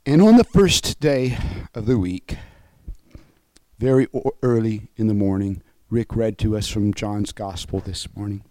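A man's voice: lowish voice, slow pace, long pauses, dark tone, dry recording, rough recording. A man preaching an emotional, fervent sermon over an online call. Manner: emotional and fervent, voice rising and falling.

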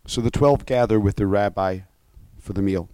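A male pastor with a lowish, dark voice speaks at a moderate pace, with no room sound, delivering a conversational sermon. Earnest and openly moved, he frequently halts, restarts and adds asides.

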